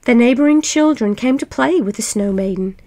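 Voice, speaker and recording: A woman reading a fairy tale aloud in a gentle, expressive way. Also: a little high, a little fast. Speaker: storyteller.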